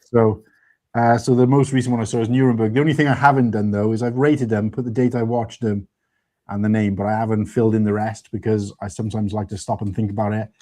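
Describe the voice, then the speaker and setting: A man's voice: lowish voice, little pitch movement, quick pace, mellow. A man from Wales hosting a live stream, chatting casually in a rambling way and laughing often. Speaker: stream host. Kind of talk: casual chat.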